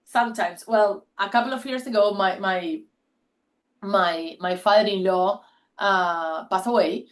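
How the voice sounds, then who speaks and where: Spanish-first-language woman chatting on a video call, lots of restarts, mid pitch. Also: a little slow, poor audio. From Spanish-speaking country. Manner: animated storytelling with many restarts. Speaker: panel speaker. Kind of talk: casual panel talk.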